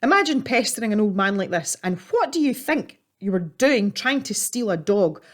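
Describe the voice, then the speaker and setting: A woman's voice: mid-range voice, big pitch swings, voice pushed up, natural voice. A woman voicing a flustered, apologetic middle-aged mother. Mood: scolding. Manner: hurried, fretful, apologetic.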